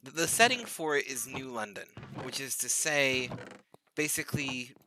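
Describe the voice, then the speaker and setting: A man's voice: medium pitch, expressive, moderate pace, noisy background. A man hosting a live gaming stream, telling rambling, chatty stories while he plays. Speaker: streamer host. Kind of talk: casual gaming chat.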